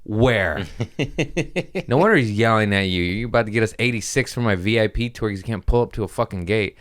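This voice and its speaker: A man's voice: on the low side, expressive, a little fast. A young man doing a crude, rambling comedy monologue as a podcast host, often laughing at his own jokes.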